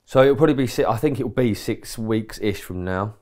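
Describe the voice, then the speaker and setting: An English man co-hosts a podcast, his voice lowish, fairly quick and slightly mellow. In casual conversation he tells a rambling anecdote, acting out quoted dialogue with some mild swearing.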